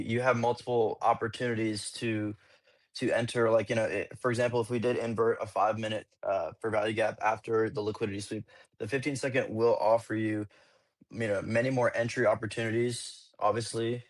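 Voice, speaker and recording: A man's voice: lowish voice, fairly even intonation, brisk. A man in an online audio chat, rambling and repeating himself as he explains. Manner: rambling, repeats words, leans on fillers. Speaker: caller.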